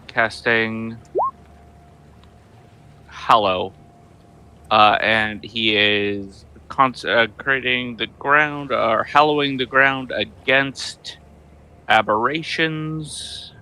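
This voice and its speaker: Male tabletop player, slow and rambling, gravelly and sharp-toned. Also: on the low side, poor audio. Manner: rambling, hesitant. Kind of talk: playing a tabletop game.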